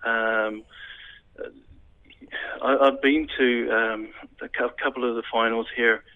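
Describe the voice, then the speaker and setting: A man, a sports official speaking haltingly with many restarts in a radio interview. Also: medium pitch, level tone. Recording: tinny phone-like radio sound.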